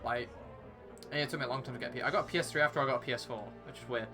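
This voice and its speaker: A man's voice: mid-range voice, very fast. A young British man chatting casually while livestreaming a video game, rambling with lots of fillers and restarts. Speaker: streamer. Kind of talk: casual chat while gaming. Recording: faint background music.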